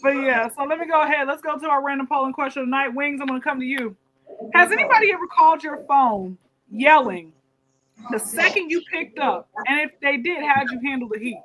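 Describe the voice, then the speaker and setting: A woman's voice: high-pitched, expressive, fairly quick, background noise. A woman hosting a casual panel chat, chatty, repeating her words and laughing often. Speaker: podcast host.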